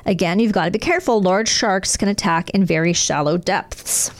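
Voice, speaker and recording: A woman's voice: medium pitch, normal speed. A woman co-hosting a casual chat, reading news aloud with joking asides and frequent laughter. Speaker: podcast co-host.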